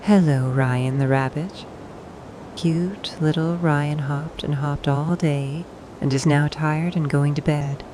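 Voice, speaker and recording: Woman, low and mellow, soothing toddler bedtime narrator, slow and patient. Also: steady tone, slight background noise. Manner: soft and soothing, pausing for the child to answer. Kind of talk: gentle bedtime storytelling for toddlers.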